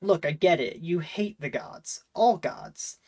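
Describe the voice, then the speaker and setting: Chatty male talking head, quoted by a man, rough half-accent, voice a touch high. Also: lively intonation, takes it slowly, a little mellow. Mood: earnest.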